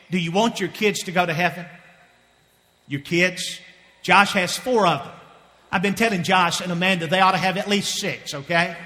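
A man preaching a sermon with passion, often repeating phrases and dropping to a hush before rising again. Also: high voice. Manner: impassioned, repeating phrases, swings from loud to hushed. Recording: long hall reverb.

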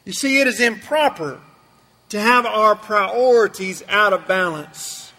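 Male preacher, very high sharp voice, emphatic, long church reverb. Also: a little slow. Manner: emphatic, repeats phrases for effect. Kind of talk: sermon. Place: church sanctuary.

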